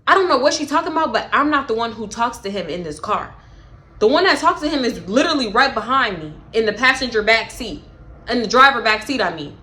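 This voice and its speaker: A young woman telling a story in a casual vlog, animated and profane, with dramatic retellings. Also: a little high, quick pace. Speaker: storytime vlogger.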